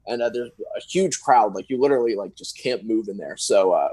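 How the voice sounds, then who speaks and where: A man's voice: lowish voice, animated, brisk, darkish tone, no echo. Rambling young man telling a story. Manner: rambling, full of fillers and restarts. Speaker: podcast guest. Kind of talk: casual storytelling.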